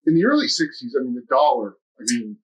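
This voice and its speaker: Fast, husky-voiced male interviewer. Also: medium pitch, animated. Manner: halting, restarts with "I mean". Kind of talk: oral history interview. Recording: dull lo-fi sound.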